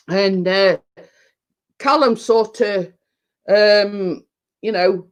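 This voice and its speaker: A woman's voice: medium pitch, extremely slow. A middle-aged woman, chatting casually to viewers and rambling along, often repeating herself and laughing. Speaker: vlogger reading viewer comments. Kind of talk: casual live chat.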